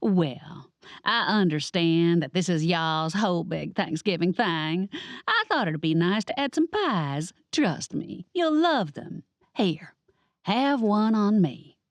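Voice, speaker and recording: A woman's voice: fairly low pitch, sing-song, slow, dry recording, exaggerated voice. Woman doing a thick-drawled Southern baker. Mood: breezy. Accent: thick Southern US country. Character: brash young Southern woman baker, pushy.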